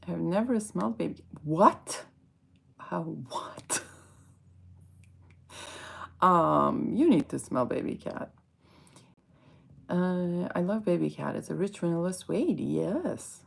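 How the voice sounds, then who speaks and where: A woman's voice: fairly low pitch, vocal fry, darkish tone. A woman hosting a casual fragrance livestream, reading viewer comments aloud and answering them as she chats.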